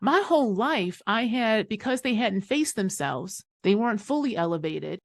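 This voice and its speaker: A woman's voice: mid-range voice, expressive, moderate pace. A woman hosting a podcast, telling a personal story in a casual, emphatic and profane way. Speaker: podcast host.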